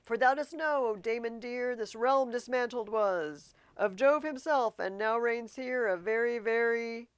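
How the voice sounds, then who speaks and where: A woman's voice: on the high side, unhurried, hardly any pauses, smooth, dry recording, pitched above the performer's own voice, lightly acted. A woman reading the lines of a young male prince, bitter and giddy, in a theatrical Shakespearean verse delivery. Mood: gleeful.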